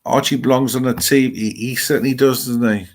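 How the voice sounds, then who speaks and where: A man's voice: medium pitch, steady tone, fast talker. A middle-aged man with an English Midlands accent, hosting a live stream and chatting loosely with viewers' comments, rambling as he thinks aloud.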